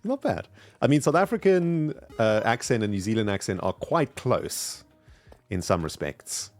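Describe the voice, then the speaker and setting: A man with a low voice keeps up casual, upbeat commentary while he plays a game on stream. His pitch swings widely as he chats and thanks viewers, and soft music runs underneath. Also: very animated, moderate pace. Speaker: live streamer playing a video game.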